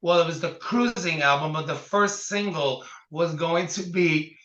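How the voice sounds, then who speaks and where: Older guy telling lively career stories, echoey and a bit muffled lo-fi sound. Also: a little high, measured pace. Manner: animated storyteller, acts out quotes. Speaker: singer recalling his career. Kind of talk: casual interview conversation.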